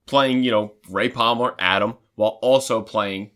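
A man co-hosting a casual chat, rambling and restarting often as an excited fan. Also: on the low side, moderate pace. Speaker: podcast co-host.

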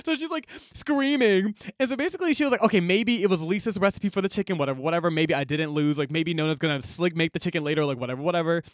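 A man's voice: on the high side, quick pace, hardly any pauses, no room sound, studio quality. A man co-hosting a casual book podcast, retelling scenes animatedly and acting out the characters' lines, with lots of "like". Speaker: podcast co-host.

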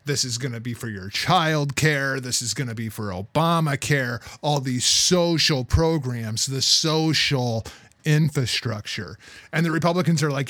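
A man co-hosting a heated political talk podcast, profane and exasperated, swinging between loud outbursts and low muttering. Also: measured pace, no echo. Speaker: podcast co-host.

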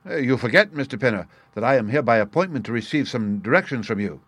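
A man reading the part of an excitable young male clerk who speaks in an eager, exclamatory way. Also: mid-range voice, quick pace, husky, no room sound.

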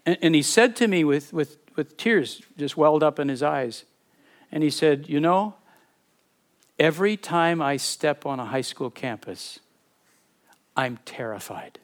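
Earnest pastor preaching, higher-pitched man. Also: expressive, measured pace. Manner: earnest, repeats words when searching, swings from emphatic to hushed. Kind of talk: sermon.

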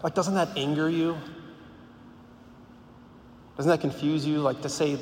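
A man's voice: fairly high pitch, fairly even intonation, measured pace, pauses often. A man giving an informal sermon, talking conversationally with lots of "like", repeated words and rhetorical questions. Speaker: speaker at a Catholic gathering. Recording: long hall reverb, faint background noise.

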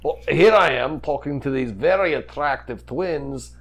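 A man doing brash tavern keeper Oliver, gravelly. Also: fairly high pitch, measured pace, fairly bright tone, pitched above the performer's own voice. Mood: indignant.

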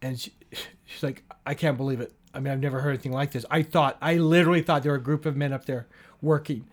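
A man's voice: medium pitch, steady tone, fast. A man telling a long story to a listener in casual conversation, acting out the dialogue with lots of "she goes" and "I go.".

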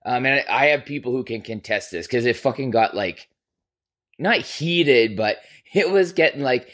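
Podcast guy, mid-pitch voice, telling a story all worked up, lots of cursing, loud then quiet. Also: moderate pace. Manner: animated, profane, swings between loud bursts and quiet asides. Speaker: podcast host. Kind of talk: casual storytelling.

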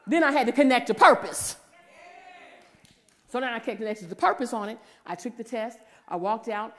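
A woman, giving a preaching testimony and acting out the voices in her story, sometimes rising to a shout. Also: a little high, moderate pace. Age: 40s.

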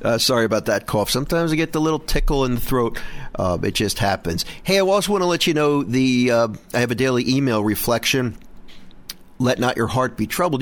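Middle-aged guy hosting a catholic radio show, earnest, lots of restarts, pitch jumps up when he gets going. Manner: earnest, animated, frequent restarts and repeated words. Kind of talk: prayer and casual show talk.

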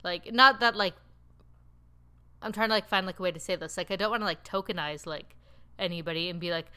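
A woman recapping a TV show in casual chat, rambling and animated with lots of filler words. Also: on the low side, brisk, smooth. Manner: animated, laughing storyteller. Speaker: TV recap podcaster.

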